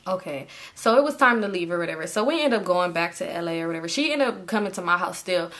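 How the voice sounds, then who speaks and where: A young woman telling a story in casual chat, animated, swearing and jumping up high when she acts out what people said. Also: fast.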